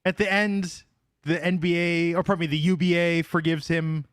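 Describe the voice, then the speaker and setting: A man's voice: a little high, little pitch movement, moderate pace, clear, resonant tone, no echo. A man hosting a podcast in casual chat, telling stories with wry, dry humor. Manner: wry storytelling, dry jokes. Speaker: podcast host.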